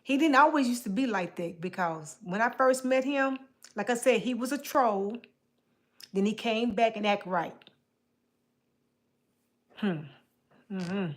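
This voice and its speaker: A woman's voice: fairly high pitch, measured pace, pauses often. A woman hosting her own livestream, chatting casually with viewers in loose colloquial speech, teasing people by name and repeating phrases for emphasis. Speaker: livestream host.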